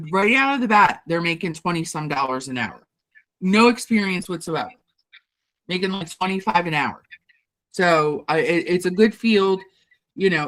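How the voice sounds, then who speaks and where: A woman's voice: on the low side, fairly bright tone. A woman office manager telling a story casually on a livestream, chatty and rambling with plenty of fillers. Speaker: dental office manager, streamer.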